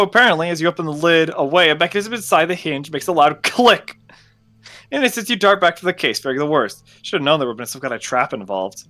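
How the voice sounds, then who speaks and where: A man reading a story game aloud as narrator, with expressive, dramatic delivery. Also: a little high.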